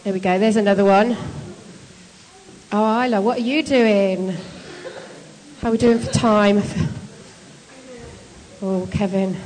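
A woman leading a group through a timed bed-making task, brisk, encouraging and teasing as she hands out jobs. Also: medium pitch, fairly even intonation, a little mellow, big-room sound. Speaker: shelter volunteer leader running a bed-making activity. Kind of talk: casual instructions to a group.

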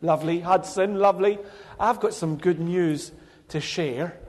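A man leading a children's talk in a church service, speaking gently and playfully and calling children by name, into a handheld microphone. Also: high voice, unhurried. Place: church hall with congregation. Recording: reverberant hall.

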